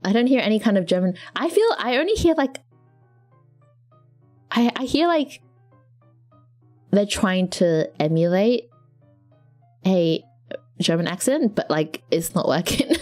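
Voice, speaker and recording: A woman's voice: mid-range voice, very animated, unhurried, long pauses, darkish tone, faint music behind. A young Australian woman chatting casually on a live stream, rambling with frequent laughs and restarts. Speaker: vtuber streamer.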